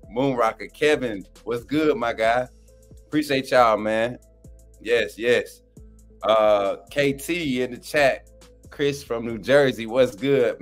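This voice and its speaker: A man hosting a sports fan live stream in loose, slangy casual chat, often cracking up with laughter. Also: medium pitch.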